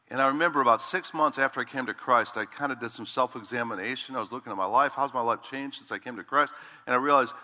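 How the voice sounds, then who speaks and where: A middle-aged man preaching a sermon as a pastor, emphatic, slowing down and stretching key words for weight. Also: medium pitch, bright, forceful tone, big-room sound.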